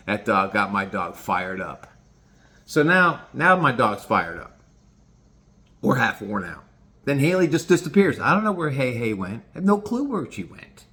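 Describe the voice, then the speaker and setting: A man telling a casual story in an animated, swearing manner. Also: fairly high pitch. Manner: animated, swearing, lots of restarts. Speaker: vlogger.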